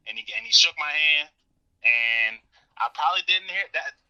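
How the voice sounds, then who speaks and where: A man's voice: fairly quick, clear, resonant tone. A young man, a podcast guest, telling a personal story casually, acting out what people said. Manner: animated, acts out quoted dialogue with rising pitch. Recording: dull lo-fi audio.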